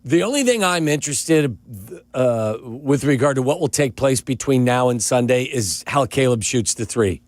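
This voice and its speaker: A man hosting a sports talk radio show, teasing and pushing back on his co-hosts in animated banter. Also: medium pitch, moderate pace, few pauses, no room sound.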